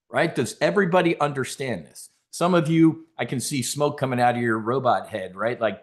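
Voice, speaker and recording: A brash man hosting a trading show, blunt and boastful with a middle-pitched voice. He talks loud and cocky, peppering his pitch with fighter-pilot slang. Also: normal speed, hardly any pauses. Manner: loud and swaggering, full of fighter-pilot talk. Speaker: options trading educator. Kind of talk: energetic market webcast.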